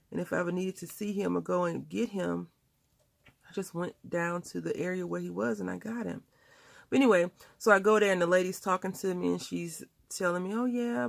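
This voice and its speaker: A woman chatting casually at home, telling a story while crafting, with lively quoted voices. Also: on the low side, vocal fry, no room sound. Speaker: crafting vlogger.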